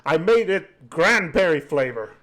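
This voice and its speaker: A man voices a cocky little gnome in a tabletop game. He chatters on in a higher, bouncy voice, bragging and friendly. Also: very animated, measured pace, a bit bright. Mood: boastful. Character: cocky cheerful male gnome, berry juice fan.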